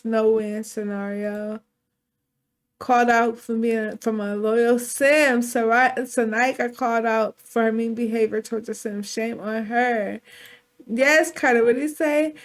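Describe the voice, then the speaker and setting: A woman's voice: on the high side, steady tone, measured pace. A woman giving casual, chatty let's play commentary on a life-simulation game, slangy and a bit profane. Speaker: gaming channel host.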